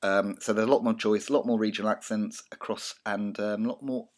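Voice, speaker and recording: Talking fairly quickly in a lowish, steady voice, a college media teacher from Britain narrates slides in a recorded lecture. His southern English accent carries a chatty, wandering style with many ums and restarts, plus a slight cough.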